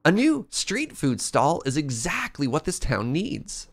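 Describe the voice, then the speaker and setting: A man voicing a caring, upbeat young adult daughter in a game, in a raised, lively voice. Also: on the high side, unhurried, heavily acted. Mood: encouraging.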